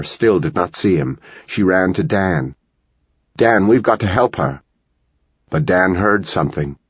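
A man narrating a tense novel in steady storytelling, in a dull lo-fi recording. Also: low voice, husky, no echo. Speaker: audiobook narrator. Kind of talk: scripted narration.

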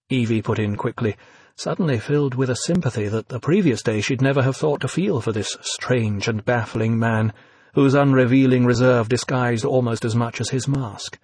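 A man narrating an audiobook in a measured, even reading. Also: mid-range voice, slightly rough, dry recording.

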